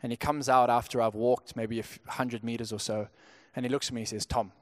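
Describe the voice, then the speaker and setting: A young pastor from Zimbabwe tells a story from the pulpit in an easy, conversational way. His voice sits at a middle pitch, and he trips over and repeats his words as he goes. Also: level tone, a little fast. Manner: conversational, frequent stammered restarts. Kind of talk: sermon storytelling.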